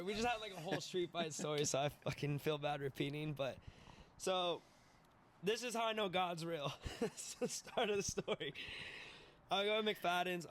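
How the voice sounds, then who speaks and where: A young man in his twenties, a podcast guest telling a wild story in an animated, profane way, laughing and acting out the voices. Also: fairly high pitch, a little hiss or hum. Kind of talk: casual storytelling.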